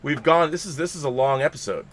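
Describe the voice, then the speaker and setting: A man's voice: fairly high pitch, quick pace, fairly bright tone. Man reading a listener letter on a podcast. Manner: playful, theatrical reading with bursts of laughter. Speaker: podcast host. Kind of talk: reading a listener letter aloud on a live show.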